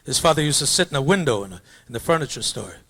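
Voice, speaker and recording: An older male comedian tells rambling stand-up stories in a high school auditorium, his medium-pitched, slightly bright voice moving very fast with lively intonation. His loose storytelling keeps slipping into mock-opera singing and funny voices.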